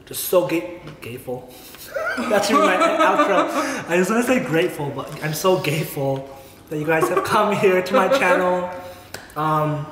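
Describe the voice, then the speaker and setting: A chatty young man hosts a relaxed vlog, leaning on "like" and "you know" as he talks. His voice sits in a roomy space with a long reverb tail and a faint hiss of background noise. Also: fairly high pitch. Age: young adult. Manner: chatty, filler-heavy with lots of "like". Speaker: host, influencer. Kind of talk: casual chat, mukbang vlog.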